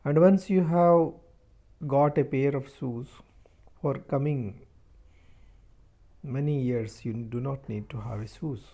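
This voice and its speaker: Slow, mellow-voiced male teacher explaining a story. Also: mid-range voice, vocal fry. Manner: reads a sentence, then restates it slowly in simpler words; halting, with repeated words and restarts. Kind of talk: reading a story aloud and explaining it line by line.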